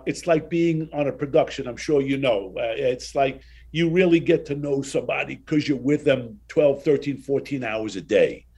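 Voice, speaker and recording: A man in his sixties tells stories as an interview guest. He has a middle-pitched voice and acts out what people said in a lively, chatty way. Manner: animated anecdotes, acts out dialogue. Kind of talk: casual storytelling interview.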